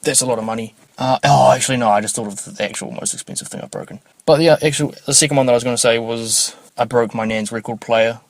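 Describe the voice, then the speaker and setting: A man's voice: on the low side, dry recording. Swearing, rambling New man. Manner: rambling, swears freely, offhand. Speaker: podcast host. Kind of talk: casual solo podcast chat.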